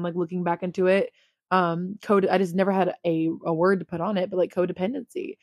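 A woman's voice: medium pitch, dry recording, studio quality. A young woman with a Texan accent hosting a solo podcast, chatting casually and confessionally, laughing often and full of "like" fillers. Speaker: podcast host.

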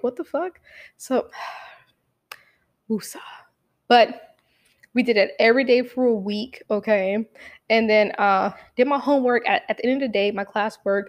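A young woman telling a casual story about her own life, profane and animated, full of fillers and acted-out quotes. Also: on the high side.

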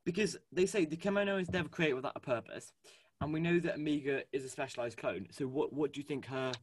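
A man co-hosting a casual fan chat, animated and gushing, with lots of fillers and restarts. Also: on the high side, fast, slight background noise. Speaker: podcast co-host. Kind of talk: casual fan chat about a cartoon series.

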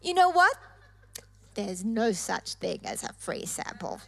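A woman's voice: mid-range voice, sing-song, slow pace, vocal fry, fairly bright tone. A woman preacher delivering an emphatic sermon, stressing points through repetition. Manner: emphatic, repeating phrases for effect.

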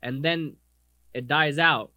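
Expressive, swearing podcast guy. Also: on the high side, slow, no echo, studio quality. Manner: animated, swears a lot, acts out others' voices; self-described most expressive. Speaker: podcast co-host. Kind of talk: casual chat.

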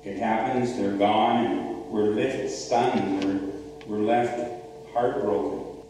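Slow, repetitive preaching man in echoey church. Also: fairly low pitch, fairly even intonation, dark tone. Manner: repetitive, emphatic storytelling. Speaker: pastor. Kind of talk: sermon. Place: church sanctuary. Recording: echoey church hall, far mic, faint hum.

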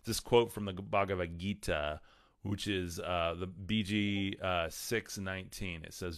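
A man giving a casual spiritual talk to his viewers, rambling with repeated words and many ums, slowing down for emphasis. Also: deep voice, steady tone, no echo, clean studio sound. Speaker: spiritual teacher.

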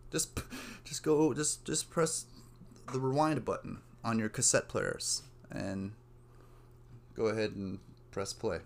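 A young man rambling through a solo podcast, drifting between side rants and swearing freely. His voice sits fairly low. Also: lively intonation, slow, creaky, pauses often. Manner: meandering, casual, swears freely. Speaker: podcast host.

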